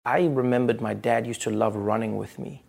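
A man's voice: mid-range voice, normal speed, creaky. A man in his thirties from South Africa, telling stories about his childhood in an earnest interview. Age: 30s. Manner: earnest, storytelling, quotes others in lively voices. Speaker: interviewee, comedian. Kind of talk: reflective interview.

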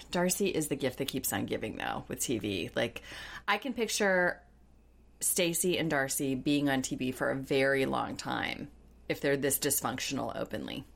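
Woman podcast host, very low voice, blunt, sarcastic and sweary in a casual recap chat. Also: animated, moderate pace, gravelly.

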